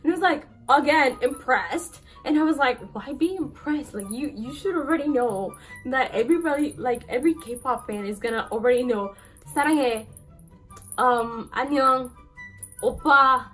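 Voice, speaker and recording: Young woman vlogger, high bright pitch, excitable and giggly, rambling storytime, soft music underneath. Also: moderate pace. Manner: giggly, excitable, filler-heavy. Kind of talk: casual storytime chat.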